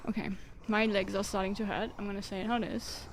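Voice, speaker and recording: A woman's voice: mid-range voice, little pitch movement, fast talker, noisy background. A woman streaming a game and chatting casually, joking and laughing often as she tires from playing on a dance pad. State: tired from exertion. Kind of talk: casual live-stream chat while gaming.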